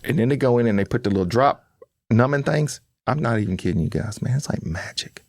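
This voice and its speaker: Animated storyteller man. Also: mid-range voice, fast talker, creaky, slight background noise. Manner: animated storyteller who acts out his own lines. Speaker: podcast host and coach. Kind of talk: casual chat.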